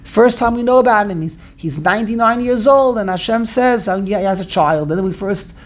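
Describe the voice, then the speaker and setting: A woman's voice: mid-range voice, a little fast. A woman teaching a Bible class in an earnest, explaining way, often repeating and restarting her phrases. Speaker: Torah teacher.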